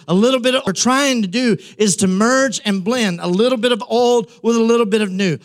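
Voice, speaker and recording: A man, preaching a conversational sermon as pastor, with emphatic repetition and asides to his congregation. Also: very high-pitched.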